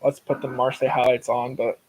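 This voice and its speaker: A man's voice: mid-range voice, flat delivery, fairly quick, background noise. A tired man hosting a casual livestream, rambling and blunt, breaking into rants. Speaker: livestream host.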